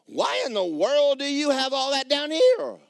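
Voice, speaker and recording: A man preaching a sermon, emphatic and loud at times, dropping low for stories. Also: huge pitch swings, measured pace, creaky, dry recording, studio quality. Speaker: pastor.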